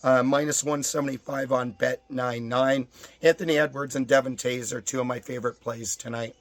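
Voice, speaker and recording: A hoarse man with a strained voice, rattling off sports betting stats and picks in a casual, list-like way. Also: medium pitch, fairly even intonation, moderate pace, dry recording.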